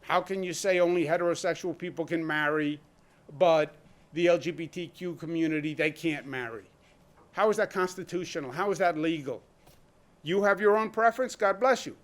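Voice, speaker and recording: A man speaking as a state governor in a public briefing, blunt and emphatic, driving his points home with rhetorical questions. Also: sits high. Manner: blunt, conversational.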